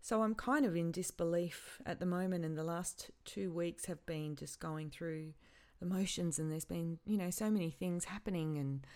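A grieving woman talks alone into her podcast mic, her voice low and unhurried. She stops and repeats herself often as she searches for words. It is a personal, unscripted monologue. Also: a little mellow. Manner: halting, emotional, repeats herself. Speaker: podcast host.

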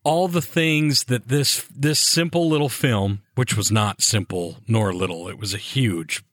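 A man's voice: mid-range voice, unhurried, fairly bright tone, no echo. A man co-hosting a podcast, speaking earnestly and reflectively in casual chat, often restarting his sentences. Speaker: podcast co-host.

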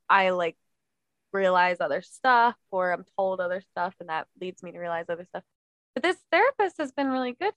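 A woman's voice: lowish voice, a bit bright, dry recording. A woman co-hosting a casual conversation, chatty and self-deprecating, with frequent laughter. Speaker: podcast co-host, younger sister.

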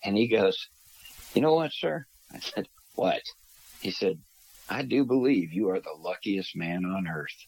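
Low husky-voiced man telling a story. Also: unhurried, rough recording. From Minnesota. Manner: animated, acts out quoted voices. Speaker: guest storyteller. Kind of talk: casual podcast storytelling.

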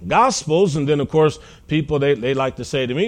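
A man's voice: mid-range voice, animated, brisk, hardly any pauses. A middle-aged American man, a pastor, preaching a sermon in a folksy storytelling way, acting out quoted conversations. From United States.

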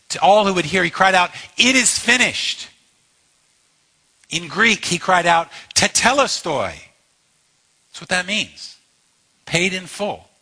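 Male pastor, sermon delivery, bright forceful tone with a husky edge, emphatic and passionate. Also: sits high. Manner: impassioned, emphatic preaching with repeated phrases.

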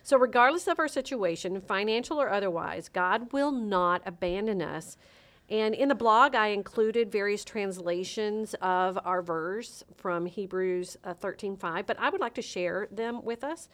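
A woman's voice: medium pitch, a little slow, a bit bright. An earnest woman co-hosts a faith podcast in a mid-range voice. She reads scripture with rising emphasis and talks it over in casual chat. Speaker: podcast co-host and coach.

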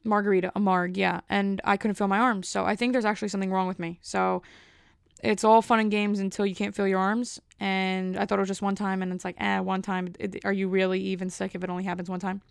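A woman's voice: mid-range voice, level tone, fast, creaky, clean tone, no room sound, studio quality. A young woman hosting a podcast alone, telling a rambling casual story full of fillers. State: a bit out of breath. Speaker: podcast host. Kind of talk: casual solo podcast chat.

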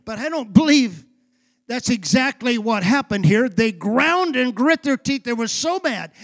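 Male pastor, very high pitch, impassioned sermon delivery with shouted climaxes. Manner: impassioned, shouting bursts, dramatic retelling.

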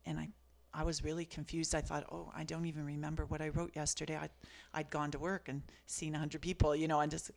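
Fast, with few pauses, she speaks in a low, level-toned voice with vocal fry. A woman in her fifties from Canada, she's an author and guest whose personal storytelling is earnest, reflective and soft-spoken.

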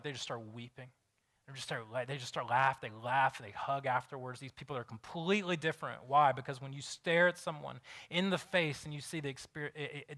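A male pastor preaching an unscripted sermon, with frequent restarts, dropping to hushed tones and then rising loud and emphatic. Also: medium pitch.

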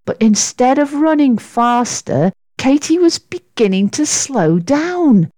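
Slow, expressive woman reading a storybook. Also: a little high, no echo. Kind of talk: storybook narration.

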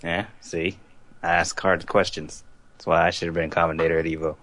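A man in casual gaming chat with friends, joking, laughing often and breaking into mock shouts. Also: low-pitched, level tone, brisk.

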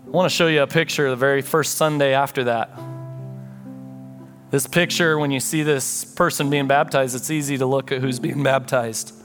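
A man pastor delivers a sermon in an earnest storytelling manner, slipping into the prayers and conversations he recounts. His voice sits in an ordinary middle range. Faint instrumental music plays softly behind him. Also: mid-range voice, fairly even intonation, normal speed.

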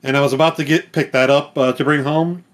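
A man's voice: on the high side, fairly even intonation, fast talker. A man from Long Island, a guest on a gaming podcast, talking casually with easy laughs. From Long Island, USA.

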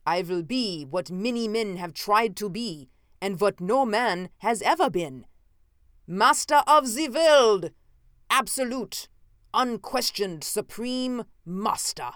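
A woman's voice: fairly low pitch, big pitch swings, measured pace, a bit bright, no room sound, clean studio sound. A woman reading an audiobook, voicing a menacing male villain who rants and snarls about ruling the world. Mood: ranting. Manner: snarling, triumphant ranting. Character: menacing scheming man, megalomaniac villain.

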